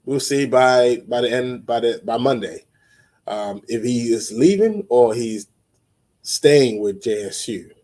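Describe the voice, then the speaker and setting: A man's voice: medium pitch, animated, a little slow, a little mellow. A man hosting a sports talk show, giving blunt opinions in a casual monologue, restarting phrases often and chuckling. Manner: blunt, repetitive, chuckling, frequent restarts and fillers.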